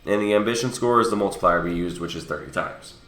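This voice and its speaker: A deep-voiced young man with a sniffly cold talks through a mobile game in a casual, explanatory way, often correcting himself mid-sentence. His tone is bright and forceful despite the low pitch. The room sounds echoey, with faint music playing underneath. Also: quick pace. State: sick and sniffly. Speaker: gaming channel host. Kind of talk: casual game walkthrough commentary.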